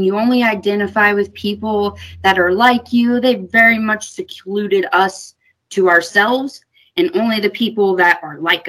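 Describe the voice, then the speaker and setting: A woman's voice: medium pitch, a bit bright, rough recording. A young woman, a guest on a radio interview, speaking sincerely and emotionally about her faith. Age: young adult. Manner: sincere, emotional, laughs when choked up. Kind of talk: conversational interview.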